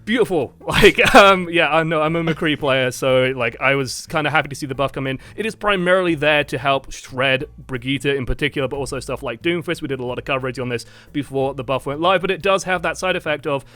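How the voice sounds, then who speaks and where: Bright, playful male co-host. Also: on the high side, brisk, few pauses, no echo. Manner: playful, enthusiastic explainer. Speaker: gaming channel co-host. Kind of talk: casual gaming commentary.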